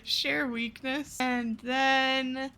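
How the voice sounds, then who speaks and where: A woman playing in a tabletop game, talking slowly and playfully with some hesitation. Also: high voice, level tone, pushed and bright. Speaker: player.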